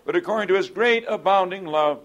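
A man's voice: high-pitched, brisk, fairly bright tone, dull audio. A man teaching a Bible study in an earnest lecturing way, often asking rhetorical tag questions of his listeners.

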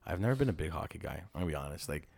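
A man in casual chat who tells animated stories and swears often. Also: rumbling low, very fast, gravelly, dry recording.

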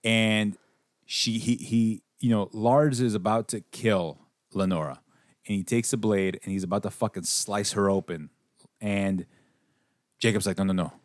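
A man's voice: lowish voice, unhurried, dry recording, studio quality. A man casually chatting on a podcast, reviewing a film with a lot of swearing and acting out the characters' lines. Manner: profane, animated, acts out characters' lines. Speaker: podcast host.

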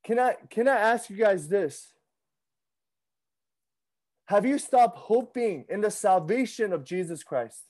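A man in his thirties preaching a sermon in a conversational, animated way, often repeating himself and acting out his own thoughts. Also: sits high, slow pace, long pauses. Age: 30s. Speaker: pastor.

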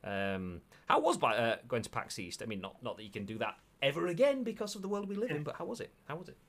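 A man's voice: medium pitch, very animated, quick pace, fairly bright tone. A man with a Yorkshire accent co-hosting a gaming news show, chatting casually and reading out viewer comments. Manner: rambling, self-deprecating, lots of filler.

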